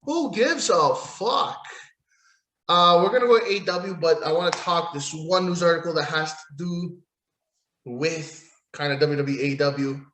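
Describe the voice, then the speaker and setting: A man's voice: a little high, fairly even intonation, moderate pace, fairly bright tone, roomy sound, a little hiss or hum. A man hosting a solo wrestling podcast, ranting in a profane, sarcastic, rambling way while losing his voice. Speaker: podcast host.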